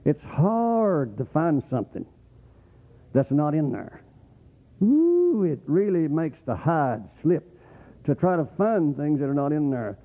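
Folksy preacher on tinny radio. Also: male voice, fairly high pitch. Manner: rambling, folksy, swoops up into whoops. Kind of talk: folksy sermon. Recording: tinny phone-like radio broadcast.

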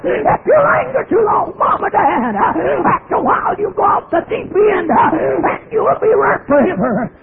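A man preaching a revival sermon in a sobbing, shouting cadence, heard through a thin, tinny recording. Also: very high-pitched, sing-song, measured pace, creaky, hardly any pauses, a little hiss or hum. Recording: tinny phone-like old recording.

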